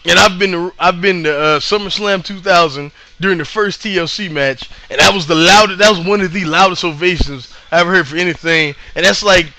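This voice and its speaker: A man casually recapping a live show he attended, rambling and excitable with lots of fillers. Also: high voice, fairly quick, few pauses.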